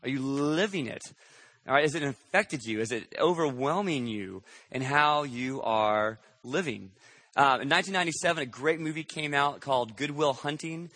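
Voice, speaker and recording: Bright-voiced man preaching a sermon. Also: mid-range voice, normal speed, no room sound. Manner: conversational, checks in with rhetorical questions. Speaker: pastor.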